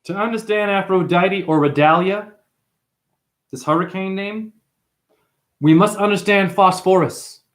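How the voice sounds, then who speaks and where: A man's voice: high voice, measured pace, pauses often, a bit bright. A man ranting on a livestream to his chat, profane and impassioned, jumping from one wordplay to the next. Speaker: livestream host. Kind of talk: rambling livestream rant to chat.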